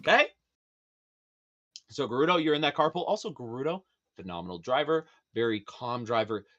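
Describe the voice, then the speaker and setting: A man as a podcast guest in casual chat, animated and profane, laughing often. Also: mid-range voice, a little fast, lo-fi sound.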